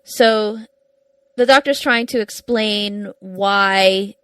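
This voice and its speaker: A woman's voice: medium pitch, extremely slow, a bit bright, clean tone, no room sound, poor audio. Woman cohost chiming in w/ corrections, matter of fact, dry close sound. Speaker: podcast co-host. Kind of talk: casual chat recapping a TV episode.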